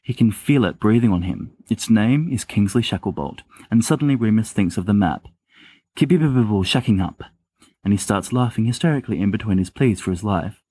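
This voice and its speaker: Man, podfic reader, husky low voice, dry close mic, amateur audiobook narration. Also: fairly quick, hardly any pauses, mellow, no room sound. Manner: plain narration with small restarts.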